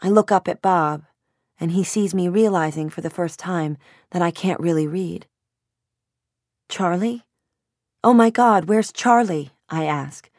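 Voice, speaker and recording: A woman narrating a first-person audiobook in a measured, introspective way. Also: fairly low pitch, darkish tone, no echo, clean studio sound.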